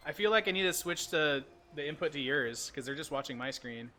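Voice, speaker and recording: A man with a bright, slightly high voice hosts a casual gaming livestream. He chats playfully and laughs at his own mistakes. A faint hiss of noise sits behind him. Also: expressive, brisk. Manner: playful, self-deprecating, chatty. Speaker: host.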